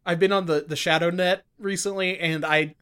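A man co-hosting a casual comedy podcast, making deadpan jokes with halting restarts. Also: high voice, clean tone. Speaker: podcast co-host.

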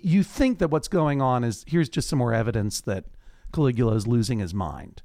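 A man's voice: mid-range voice, normal speed, no echo. Man recapping an episode on a dry mic. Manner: lively, acts out characters' lines while recapping. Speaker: podcast host.

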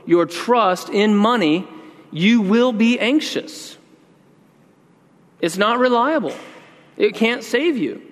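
A man preaching a sermon in an earnest, conversational way, slowing down to stress key words. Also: fairly high pitch. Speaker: pastor. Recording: long reverb in a large hall.

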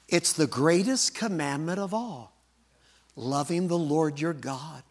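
A male preacher telling a story in a sermon, with a dramatic manner that swings from booming lines to hushed ones. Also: lively intonation, measured pace.

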